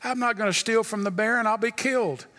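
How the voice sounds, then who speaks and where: A man's voice: high voice, quick pace, pushed and bright, in a large hall. A man voicing a frightened poor male peasant who protests in alarm.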